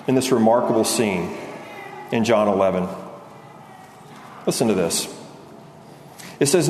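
A man preaches a sermon with earnest feeling. His voice climbs and speeds up as he grows fervent, then sinks low and soft on key lines. The sound is roomy with a long hall reverb and a faint hiss behind it. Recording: echoey hall, faint background noise.

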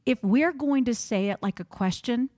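A middle-aged woman preacher in casual conversation, telling lively stories and acting out the exchanges she quotes. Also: on the high side, normal speed, no echo. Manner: animated storyteller, acts out quoted exchanges. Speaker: preacher and podcast co-host.

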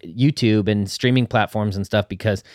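A man's voice: on the low side, fairly even intonation, normal speed, darkish tone, no room sound, studio quality. A young man co-hosting a podcast, laid-back and casual, saying dude often. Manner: laid-back, says dude and yep a lot. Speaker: podcast co-host. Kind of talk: casual chat.

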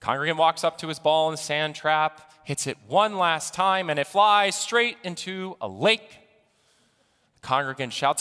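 A man giving a sermon in a deliberate storytelling manner. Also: fairly high pitch, sharp tone, clear, resonant tone, long reverb tail. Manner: storytelling, slow and deliberate delivery. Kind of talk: sermon with an opening joke.

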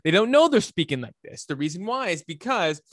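A man, a fitness coach, giving an emphatic, preachy motivational talk that swings between loud and hushed. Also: high voice, very animated, a little fast, dry recording, clean studio sound.

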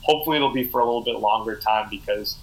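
A man's voice: fairly low pitch, very fast, poor audio. A man, an educator, talking earnestly in casual conversation. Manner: earnest, reflective.

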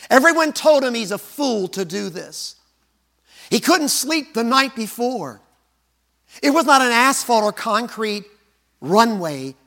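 A male preacher delivering a story-driven sermon with a high, bright voice. His pitch leaps around, and he swings dramatically between booming and hushed.

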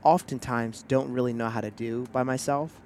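A man's voice: medium pitch, fairly even intonation, normal speed, darkish tone, slight background noise. A young man co-hosting a casual couple's podcast. He jokes about himself and defends himself playfully. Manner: joking, self-deprecating, playfully defensive. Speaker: podcast co-host.

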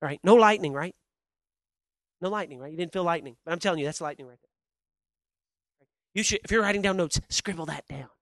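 Male preacher, high and sharp-toned, dry close sound, chatty sermon storytelling, talks straight to the congregation. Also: brisk, pauses often, no echo. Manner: animated, conversational storytelling with a crowd.

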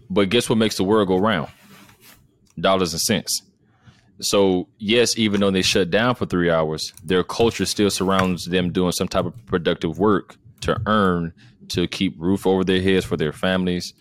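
Deep-voiced man talking emphatically. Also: steady tone, moderate pace. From United States. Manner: emphatic, rhetorical questions, repeats words. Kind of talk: casual conversation.

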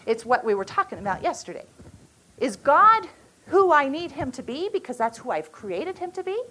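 A woman in her forties with a notably high voice leads a retreat session. She speaks earnestly, often breaking off and restarting her sentences as she works through a thought. When she tells her stories, her voice carries real emotion. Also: very animated, bright, forceful tone, poor audio. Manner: earnest, halting, emotional storytelling. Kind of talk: women's retreat teaching.

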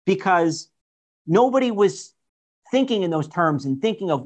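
A man speaking as a guest author in a political discussion, animated, firing off rhetorical questions and restarting sentences often. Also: sits high, moderate pace, muffled recording.

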